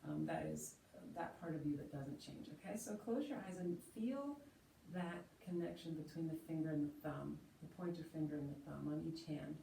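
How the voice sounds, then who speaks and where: A woman teaching yoga, slowly and gently cueing breath and movement. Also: low voice, creaky. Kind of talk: guided yoga instruction. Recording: roomy echo, voice from a distance, faint hiss.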